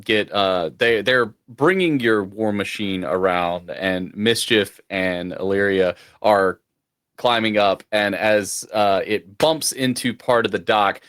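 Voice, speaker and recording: A man's voice: lowish voice, takes it slowly, a bit bright. A man hosting as dungeon master, teasing his players playfully and narrating the game.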